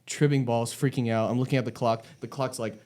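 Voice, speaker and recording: A man's voice: mid-range voice, fairly even intonation, fairly quick, darkish tone. A young man telling a casual, rambling story on a podcast, swearing a lot and laughing often. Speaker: podcast host.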